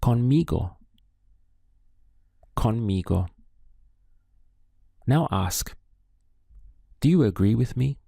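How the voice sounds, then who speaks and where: Guy teaching spanish, really slow and careful, low mellow voice. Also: expressive, vocal fry, slightly rough, no echo, studio quality. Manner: slow, deliberate prompting with pauses for learner answers. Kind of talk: slow spoken language lesson.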